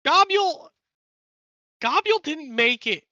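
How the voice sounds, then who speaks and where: A woman voicing a boastful male goblin leader, proclaiming grandly in a high squeaky voice. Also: expressive, unhurried, bright, forceful tone, no room sound, muffled recording, heavily acted. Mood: grandiose.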